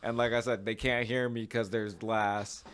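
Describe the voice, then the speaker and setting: A man's voice: lowish voice, little pitch movement, normal speed, a bit bright, clear, resonant tone, dry recording. A young man guesting on a casual podcast, rambling with lots of "like" and "you know".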